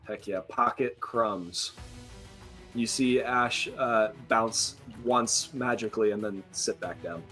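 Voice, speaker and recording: A man's voice: lowish voice, takes it slowly, bright, forceful tone, soft background music. A man running a tabletop game as game master, narrating casually with many fillers.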